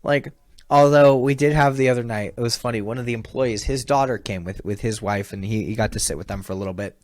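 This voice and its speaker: A man, a comedian, telling stories in a casual podcast chat. He laughs often and acts out quoted people with sudden high voice jumps. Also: fast, a little mellow, no room sound, studio quality. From California. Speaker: comedian and baseball mascot performer, podcast guest. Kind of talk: animated storytelling in a casual chat.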